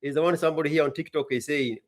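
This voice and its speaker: A man's voice: on the high side, steady tone, very fast. A man, hosting and chatting animatedly, reading lyrics aloud and dropping in slang. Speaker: host. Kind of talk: casual commentary.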